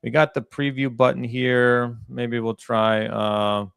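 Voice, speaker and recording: A man hosting a live software demo in a relaxed, chatty way, with plenty of fillers. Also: medium pitch, slow pace, vocal fry, clean tone, dry recording, clean studio sound. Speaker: host presenting a product demo. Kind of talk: casual live demo talk.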